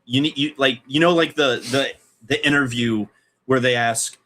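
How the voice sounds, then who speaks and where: A male co-host in relaxed chat, blunt and jokey, with a bright, forceful tone. He swears freely while making his points. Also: medium pitch, normal speed, a little hiss or hum. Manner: blunt, joking, swears when giving advice. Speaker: podcast co-host. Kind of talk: casual live-stream chat.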